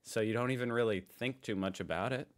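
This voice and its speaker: A man's voice: medium pitch, fairly quick. A young American man with a General American accent, musing casually and self-deprecatingly while reacting to a video. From United States. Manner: relaxed, musing, self-deprecating, laughs often.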